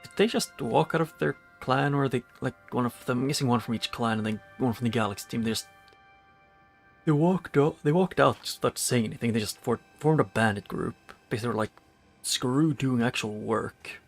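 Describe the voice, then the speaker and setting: A man's voice: mid-range voice, a little fast, gravelly, soft background music. A man streaming a video game, chatting casually and reading the game's dialogue aloud. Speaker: gaming streamer. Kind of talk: casual let's-play commentary.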